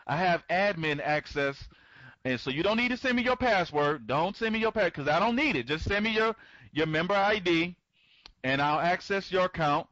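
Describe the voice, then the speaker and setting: A man's voice: high voice, sharp tone, dry recording, highs cut off. A man hosting an online members' conference, rambling and repeating himself, stammering through restarts and greeting attendees by name. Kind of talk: live webinar talk.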